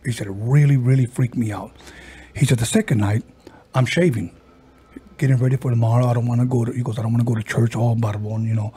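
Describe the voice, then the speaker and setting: A man hosting a podcast, casually retelling a ghost story he heard and slipping into the voices of the people in it, with halting restarts. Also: medium pitch, steady tone, warm tone. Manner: halting, with frequent restarts and fillers. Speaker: podcast host.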